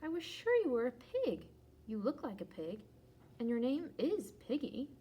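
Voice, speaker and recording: A woman's voice: fairly high pitch, very animated, moderate pace, slightly rough. A woman voicing an anxious, cautious male elephant in a children's storybook read-aloud. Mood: puzzled. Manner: worried, fretful, rises to loud alarm.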